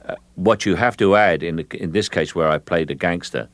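An older man from England, an actor being interviewed on radio, who speaks in a slow, measured way and repeats words while he thinks. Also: deep voice, dry recording.

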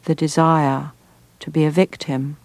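Woman from England, middle-aged actress, lowish voice, dry close sound, measured and reflective. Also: level tone, a little mellow, no echo. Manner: thoughtful, frequent restarts and pauses. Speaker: actor, guest. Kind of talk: reflective interview answers.

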